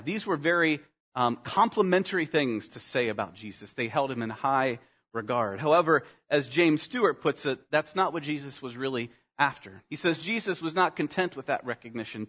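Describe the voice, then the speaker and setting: Man, pastor, sermon, slightly high voice, earnest, soft drops on key lines. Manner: earnest, slows down and drops softly on key phrases; addresses congregation as "guys".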